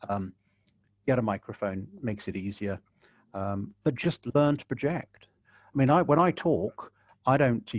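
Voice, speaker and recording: A man who works as a broadcaster, a guest on a video-call webinar, chatting animatedly and sometimes slipping into a lively on-air voice to make a point. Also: mid-range voice, no echo, dull audio. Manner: animated, jumps into exaggerated broadcast voice when demonstrating. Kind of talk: casual conversational interview.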